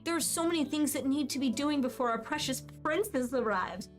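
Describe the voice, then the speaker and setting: A woman reading out a game email as an excited young expectant father, and he comes out sounding like a valley girl. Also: high voice, brisk, soft background music, voice pushed up, natural voice. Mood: eager. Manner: reads an in-game email aloud in a light voice.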